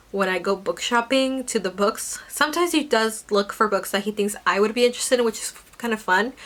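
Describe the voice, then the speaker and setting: A woman's voice: medium pitch, a bit bright. A young woman chatting casually about her book haul, rambling with lots of fillers and self-corrections. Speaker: book vlogger.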